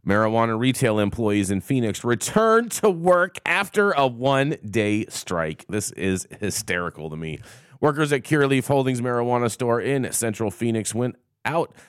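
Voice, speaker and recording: A man hosting a live news talk show, playful and energetic, with drawn-out exclamations. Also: medium pitch, clear, resonant tone, no echo, studio quality. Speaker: host.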